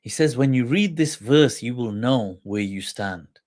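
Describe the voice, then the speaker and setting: A male livestream host in a storytelling lesson, his pitch swinging widely as he acts out the dialogue. He rattles off Arabic quotations quickly before explaining them in English, with a few Urdu phrases along the way. His voice sits in an average male register. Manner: animated retelling with quoted dialogue and laughs; quotes Arabic rapidly, then translates.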